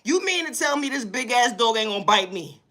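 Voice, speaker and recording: A woman with a New York City accent telling a comedic story as an animated, slangy, exasperated rant full of repeated catchphrases. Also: fairly high pitch, a little fast.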